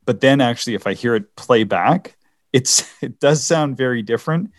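A man's voice: medium pitch, animated, normal speed, dry recording, clean studio sound. A man from the Canadian Maritimes co-hosting a podcast in casual chat, often stopping and restarting his sentences. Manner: hesitant, many restarts and laughs. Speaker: podcast co-host.

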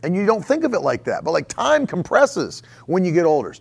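A man's voice: high voice, big pitch swings, fairly quick, creaky, slightly rough. Chatty man preaching a casual sermon. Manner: conversational, repeats phrases for emphasis; chuckles often while preaching. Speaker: pastor.

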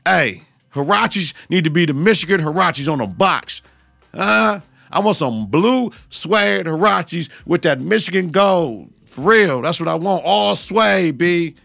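Man podcast host, young adult, gravelly, dry close sound, loud and profane with bursts of laughter. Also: fairly high pitch, dry recording. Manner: animated, profane, laughing storyteller. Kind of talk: casual solo podcast rant.

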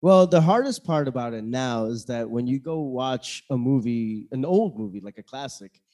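Laid-back host guy, mellow voice, lots of ups and downs. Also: medium pitch, animated, moderate pace. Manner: playful, laughing often. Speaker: podcast host. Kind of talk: casual chat.

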